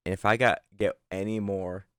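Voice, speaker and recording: A young man co-hosting a podcast, rambling through casual chat in an animated, sweary way. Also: lowish voice, moderate pace, clean tone, dry recording, clean studio sound. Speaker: podcast co-host. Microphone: studio microphone.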